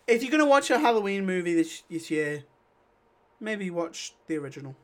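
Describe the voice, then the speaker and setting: A man's voice: high voice, big pitch swings, brisk. Joking, profane podcast co-host man. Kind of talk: casual chat.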